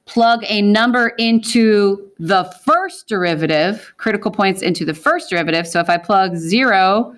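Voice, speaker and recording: Woman, math teacher in a classroom, brisk, quizzes the students as she works. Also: medium pitch. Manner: brisk, asks the class questions and answers them. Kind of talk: classroom lecture with questions to students.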